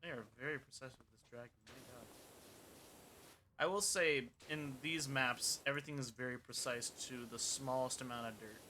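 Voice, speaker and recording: A man's voice: medium pitch, normal speed, pushed and bright, slight background noise, poor audio. A man streaming a cleaning game, rambling and joking to himself and his viewers as he plays. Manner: rambling, joking, talks to himself while playing. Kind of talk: casual gameplay commentary.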